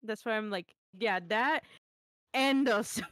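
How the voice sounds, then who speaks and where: A woman's voice: a little high, unhurried, a bit bright, no echo. Dry-voiced woman rambling and laughing. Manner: rambling, laughing, swears casually. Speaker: artist streamer chatting with friends. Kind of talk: casual chat among friends.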